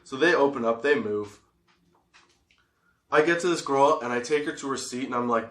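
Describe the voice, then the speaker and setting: A man's voice: mid-range voice, moderate pace, pauses often. A man in his forties telling a story for a comedy podcast, swearing freely and laughing as he goes. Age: 40s. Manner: profane, animated storyteller who laughs often. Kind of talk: casual storytelling. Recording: roomy echo.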